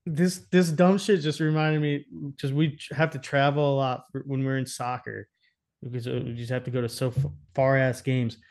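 A man's voice: mid-range voice, level tone, moderate pace, a little mellow. A young man telling stories in a casual, profane chat and laughing often.

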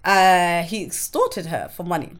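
A woman guest on a podcast telling her own story in a frank, emotional way, swearing freely and often stopping to restart her sentences. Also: on the low side. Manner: halting, with restarts. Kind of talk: candid personal storytelling.

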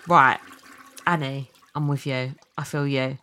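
A woman's voice: rumbling low, steady tone, a little slow, bright, forceful tone, a little hiss or hum. A woman hosting her podcast in emotional, chatty talk full of likes and ums. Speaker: podcast host. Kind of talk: casual chat.

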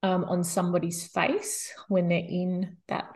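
A woman guest expert in an interview, explaining calmly and steadily with frequent "you know" fillers. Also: fairly low pitch, a little slow.

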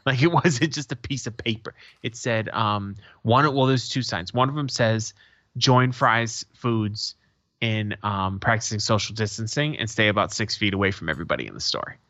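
A man's voice: lowish voice, a little fast, hardly any pauses, no echo, highs cut off. A man co-hosting a podcast in casual chat, telling stories with profanity and acting out quotes, recording remotely from home. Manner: profane, animated storyteller who acts out quotes. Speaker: podcast co-host.

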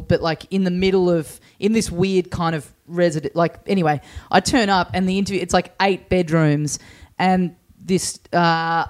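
An Australian man from Melbourne, hosting a podcast and telling rambling stories in casual chat, full of fillers. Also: fairly high pitch. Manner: rambling storytelling, many fillers.

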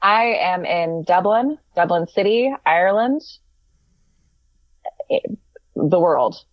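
A woman co-hosting a comedy podcast from a hotel room over a video call, halting and self-deprecating. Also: on the low side, expressive, no room sound. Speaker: co-host. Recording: dull lo-fi video call audio.

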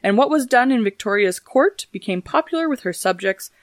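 A woman's voice: fairly high pitch, animated, a little fast, no echo. A woman hosting a casual history podcast, reading facts and adding dry, joking asides. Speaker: podcast host.

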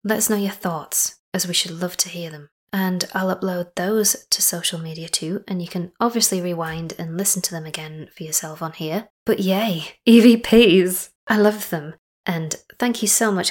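A woman's voice: on the low side, fairly even intonation, moderate pace, hardly any pauses. Chatty woman hosting a podcast. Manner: chatty, enthusiastic, slipping into soft whispers. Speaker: podcast host. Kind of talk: casual podcast narration.

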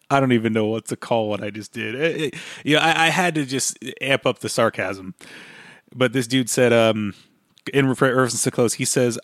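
An excitable man rambles through a loose podcast chat and drops sarcastic asides. His voice sits in an ordinary middle register. It is recorded close and dry, with no room sound. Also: mid-range voice, moderate pace, no room sound. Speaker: podcast co-host. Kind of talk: casual chat.

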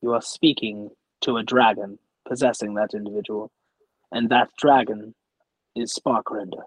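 A man voicing an old female dragon who speaks with gracious, measured warnings. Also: lowish voice, steady tone, breathy edge, no room sound, pitched below the performer's own voice, rough recording. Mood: grave.

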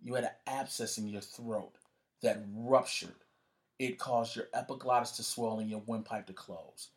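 In a lowish voice at normal speed, a male guest tells a story during relaxed conversation. He cusses without restraint and animatedly acts out the voices of the people he quotes.

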